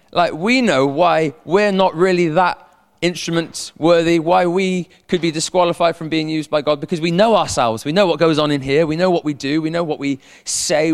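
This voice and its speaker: A man preaching a sermon as a pastor, animated, repeating words and calling on the congregation to respond. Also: on the high side. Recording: long hall reverb.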